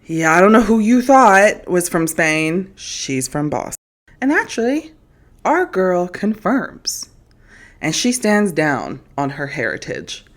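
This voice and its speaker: A low-voiced woman hosts a solo commentary podcast, speaking directly to her listeners. She sounds sassy and incredulous, and her pitch swoops and jumps with each point she makes.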